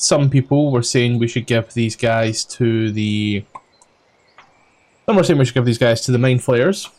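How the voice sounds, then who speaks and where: A man with a Scottish accent and a mid-range voice recaps a tabletop game as its dungeon master. He rambles, uses lots of ums, and swears casually.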